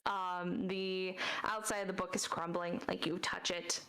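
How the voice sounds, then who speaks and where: A woman's voice: lowish voice, little pitch movement, measured pace, fairly bright tone, low-quality recording. Casual woman running a tabletop game. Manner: casual, loose with many fillers. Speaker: game master.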